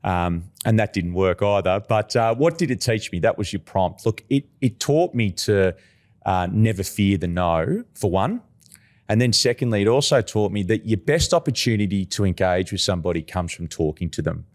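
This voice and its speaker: Deep-voiced Australian man telling stories. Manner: animated storyteller, emphatic, slows down for key points. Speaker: guest, recruitment agency founder. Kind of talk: podcast interview.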